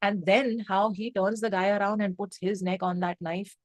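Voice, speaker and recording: A young woman reviewing a film in casual, excitable speech, swearing freely and mixing in Hindi phrases. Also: medium pitch, normal speed, dry recording. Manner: emphatic, excitable, mixes Hindi phrases into English; swears freely, lots of fillers like 'um' and 'like'.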